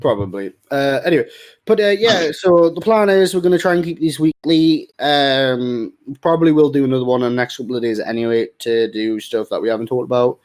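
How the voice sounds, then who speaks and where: A young man hosting a casual call, narrating a silly story in a goofy way with sudden bursts of yelling. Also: mid-range voice, brisk. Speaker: host.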